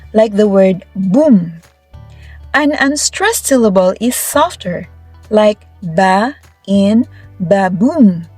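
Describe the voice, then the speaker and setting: A woman's voice: medium pitch, a little mellow. A woman teacher from the Philippines giving an upbeat, encouraging recorded video lesson. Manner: upbeat, encouraging classroom explanation. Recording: faint background music.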